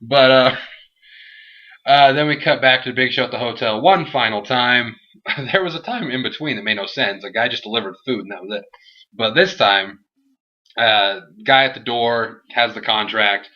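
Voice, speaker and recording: A young man reviewing a wrestling show in a casual, animated, rambling and jokey way. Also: lowish voice, moderate pace. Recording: dull lo-fi home recording.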